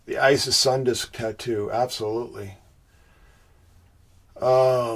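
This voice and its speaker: A man's voice: mid-range voice, a little slow, darkish tone. A man hosting a livestream, out of breath and congested, hesitating with many fillers as he thanks viewers by name and makes insinuating asides. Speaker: host of a livestream presentation. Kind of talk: casual livestream chat, reading viewer comments.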